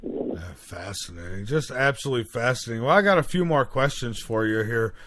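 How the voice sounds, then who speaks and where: A man hosting an interview, asking measured questions. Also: mid-range voice, lively intonation, a bit bright, dry recording. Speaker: interview host.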